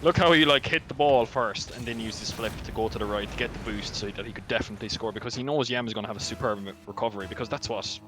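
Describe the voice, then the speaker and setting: A man's voice: lowish voice, over music. A man with an Irish accent giving chatty color commentary and analysis on an esports match. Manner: rapid, chatty analysis with fillers. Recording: noisy background.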